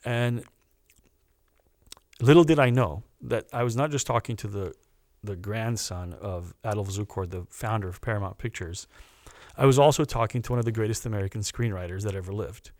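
A man's voice: on the low side, moderate pace, no echo. Earnest man telling a story, dry sound. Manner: earnest, animated storyteller who re-voices the people he quotes. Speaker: podcast guest. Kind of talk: personal storytelling.

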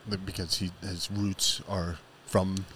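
A man's voice: low voice, little pitch movement, slow pace, fairly bright tone, slight background noise. A man co-hosting a podcast, chatting casually in an easygoing way. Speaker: podcast co-host. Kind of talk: casual chat.

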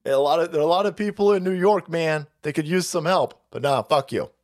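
A man's voice: fairly high pitch, fairly quick, a little mellow. A man hosting a livestream, ranting in a foul-mouthed, sarcastic, mocking way and breaking into laughter between phrases. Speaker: livestream host. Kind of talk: profane political rant stream.

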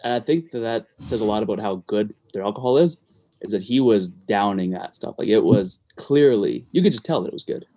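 A man's voice: fairly low pitch, expressive, mellow. A man co-hosting a podcast, chatting casually and filling his talk with "like". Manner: quick, casual, many "like"s. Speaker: podcast co-host. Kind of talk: casual chat.

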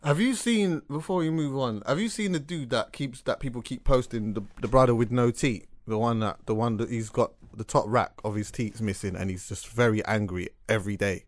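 A man hosting a casual podcast chat, telling stories in an animated way with lots of slang. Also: medium pitch, a little fast, few pauses, dry recording. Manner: animated storyteller, London slang. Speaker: podcast host.

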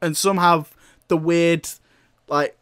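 A man with a slightly high voice recaps a film in a loose, rambling way. He sounds amused throughout, with dry sarcasm and laughter breaking in. The sound is close and dry, with no room around it. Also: fairly even intonation, slow pace, fairly bright tone, clear, resonant tone, dry recording. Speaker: film reviewer. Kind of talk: casual comic film recap.

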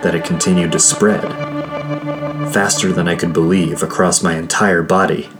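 A man narrating a first-person adventure story in a measured, steady storytelling manner. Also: low-pitched. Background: faint music.

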